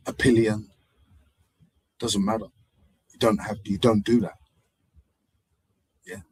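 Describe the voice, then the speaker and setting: Rambling man with a husky low voice. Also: no echo, poor audio. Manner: meandering storytelling with acted-out voices and sudden loudness swings. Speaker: live stream host. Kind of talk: rambling live-stream monologue.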